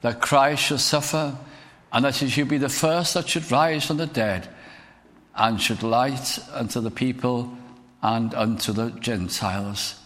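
A man preaches earnestly and builds at times into emphatic declamation. His voice sits at a middling pitch. The sound carries the long reverb of a church hall. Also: steady tone, measured pace, fairly bright tone. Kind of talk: sermon.

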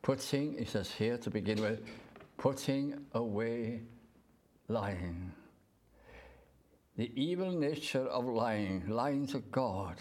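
A man preaching a sermon in short, measured phrases, reading out scripture to a gathered congregation. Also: mid-range voice, animated, darkish tone. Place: church gathering in the evening.

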